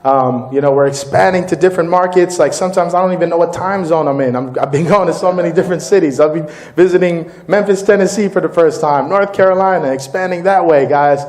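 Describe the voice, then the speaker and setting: A man presenting as company CEO at a distributor meeting, slightly higher-pitched than most men. He talks informally and with energy, walking the crowd through a demo and then a pitch. The sound carries the echo of a reverberant meeting room. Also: fast talker, few pauses, a little mellow. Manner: upbeat, informal, keeps addressing the crowd as "guys". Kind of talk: live product demo and sales pitch. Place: meeting room with live audience.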